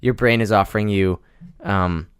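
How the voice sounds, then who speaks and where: A man's voice: lowish voice, moderate pace, clean tone. A young man co-hosting a casual podcast chat, stammering, restarting and laughing often, close to his microphone. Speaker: podcast co-host.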